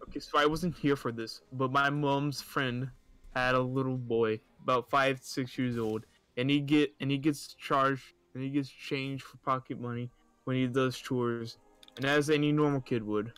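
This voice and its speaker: A man's voice: mid-range voice, steady tone, moderate pace, fairly bright tone, clean tone, no room sound. A young man casually reading stories aloud, stumbling over words and often breaking into laughter and mocking asides.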